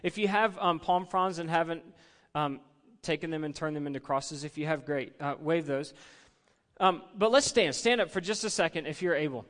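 Middle-aged male pastor, casual sermon, voice a touch high and bright, long church-hall reverb. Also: normal speed. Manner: conversational, leads the congregation in call-and-response. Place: church sanctuary.

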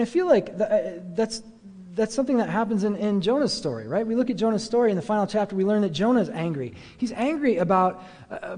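A man's voice: high-pitched, mellow. A man preaching a conversational sermon as a pastor. He talks casually, using many fillers and rhetorical questions. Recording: echoey hall with long reverb.

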